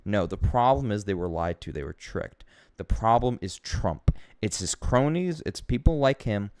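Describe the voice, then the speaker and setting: A man's voice: lively intonation, normal speed, clear, resonant tone, no room sound. Ranting young American man streaming. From United States. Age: young adult. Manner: heated ranting with frequent swearing, swinging between loud outbursts and low mutters. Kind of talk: casual live-stream chat.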